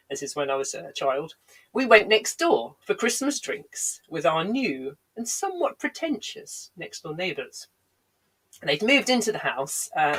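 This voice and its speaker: A woman's voice: lowish voice, slightly rough, low-quality recording. A woman comedian telling digressive stories with dry, self-deprecating asides. She sounds a bit congested, with a lingering cough, on a home livestream. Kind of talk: rambling comic storytelling on a livestream.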